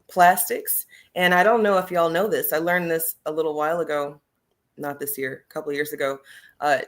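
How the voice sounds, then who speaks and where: A woman who hosts and teaches, talking emphatically in a casual livestream discussion and speaking straight to her viewers. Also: on the low side. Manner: emphatic, addresses viewers directly. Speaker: host and teacher.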